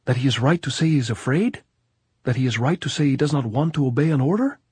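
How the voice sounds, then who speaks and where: A man's voice: mid-range voice, lively intonation, fast, darkish tone, breathy edge, dry recording, voice pushed up. A man reading an audiobook, voicing a volatile army captain who bellows insults and orders. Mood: harsh, commanding. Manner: bellowing, ranting, taunting.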